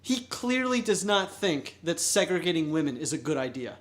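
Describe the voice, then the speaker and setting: A man's voice: fairly high pitch, sing-song, moderate pace. A man talking in a casual podcast chat, explaining a news story earnestly and with disbelief.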